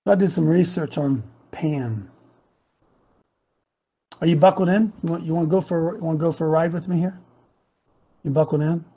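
A man preaching a sermon, animated, rising to loud bursts. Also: on the high side, normal speed, pauses often, husky. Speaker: pastor.

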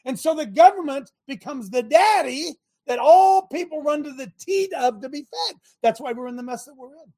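A man hosting a talk show, preaching and mocking in an animated way and throwing questions at his listeners. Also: very high-pitched, normal speed, hardly any pauses. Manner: animated, sermonizing, mocking, asks the audience questions.

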